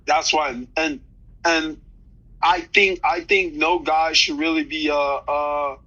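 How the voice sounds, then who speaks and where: Man, 30s, fighter guest, casual slangy rambling, very bright tone. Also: fairly high pitch, fairly even intonation, slow pace, lo-fi sound. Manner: loose, rambling, slangy, many restarts. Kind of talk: casual interview chat.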